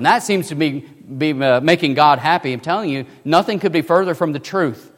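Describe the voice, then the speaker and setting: Male pastor, high voice, preaching with rhetorical questions, long hall echo. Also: moderate pace. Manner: rhetorical questions, swinging between quiet and loud. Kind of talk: sermon.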